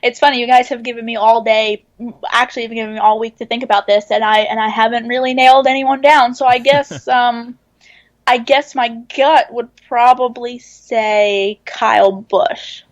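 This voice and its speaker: A woman with a fairly high voice talks through her thoughts in a measured, thinking-aloud way, dotted with fillers and restarts. The sound is a little dull and lo-fi. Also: fairly even intonation. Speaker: guest racing writer. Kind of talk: casual podcast chat, analysis.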